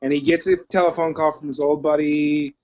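A man's voice: a little high, level tone, darkish tone, highs cut off. A man co-hosting a podcast in casual chat, joking and swearing freely. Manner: joking, swears freely, puts on quick voices. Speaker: podcast co-host.

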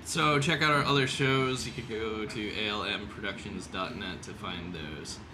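A man's voice: lowish voice, normal speed. A man hosting a podcast, casually wrapping up the show and reading its contact details. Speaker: podcast host. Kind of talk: casual chat and show sign-off. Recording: noisy home recording.

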